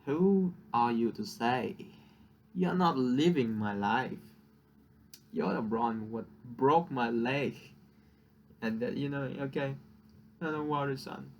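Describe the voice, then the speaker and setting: A man's voice: medium pitch, takes it slowly, slight background noise. A young man whose first language is Vietnamese, venting in a casual, profane rant and laughing at his own jokes. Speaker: vlogger.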